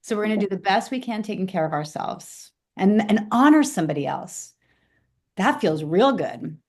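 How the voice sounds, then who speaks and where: A woman's voice: medium pitch, animated, normal speed. A woman leading a spiritual class conversation, speaking reflectively and checking in with her listeners. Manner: reflective, often asks "right?". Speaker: class leader.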